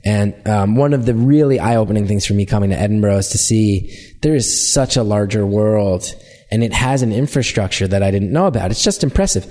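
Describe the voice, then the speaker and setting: American male comic, warm low-key tone, lively self-deprecating anecdotes. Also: brisk. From United States. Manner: animated self-deprecating storytelling. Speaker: comedian guest. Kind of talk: casual interview chat.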